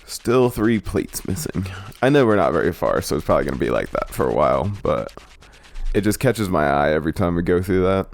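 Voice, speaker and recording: A man hosting a video game let's play, commenting in a relaxed, musing way. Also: low-pitched, a little fast, creaky.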